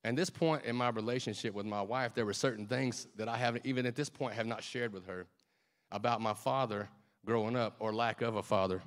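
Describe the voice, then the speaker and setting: Sex: male. Role: preacher. Style: sermon. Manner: fervent and conversational, becoming emotional. Pitch: average for a man. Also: fairly quick.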